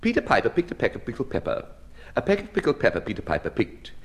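A man's voice: medium pitch, huge pitch swings, fast talker, loud music behind the voice. A man reciting nursery rhymes and tongue twisters in a rhythmic, playful way.

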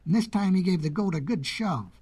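A woman narrating storybook fables in a playful, expressive way. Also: lowish voice, a little fast, slightly rough.

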